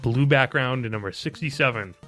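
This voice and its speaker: A man's voice: mid-range voice, a little fast, a bit bright, faint music behind. A man hosting a casual podcast chat, upbeat and laughing often. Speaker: podcast host.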